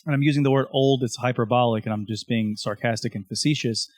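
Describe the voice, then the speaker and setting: A man's voice: medium pitch, steady tone, fast, darkish tone. A man on a podcast in casual chat, rambling and filling his talk with "like". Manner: rambling, filler-heavy talk with lots of "like".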